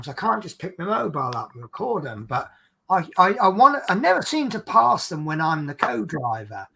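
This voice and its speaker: A British man, a coach driver, casually telling funny anecdotes on a stream in a chatty, animated way, laughing along at his own stories. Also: a little high, creaky, a little hiss or hum, poor audio. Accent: British English.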